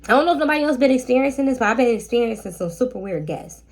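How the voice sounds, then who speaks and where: Sassy young woman with a gravelly voice. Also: fairly high pitch, rapid-fire. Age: young adult. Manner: animated, sassy, talks straight to the viewer with slangy asides. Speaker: short-term rental host. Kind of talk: casual storytime vlog.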